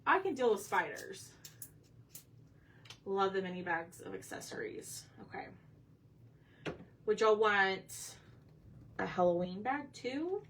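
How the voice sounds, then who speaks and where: Casual craft host, woman, bright and forward tone, a bit off-mic with faint room hum. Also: medium pitch, expressive, slow pace, pauses often, far from the mic. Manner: chatty, talks to viewers while working. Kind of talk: casual chat while painting.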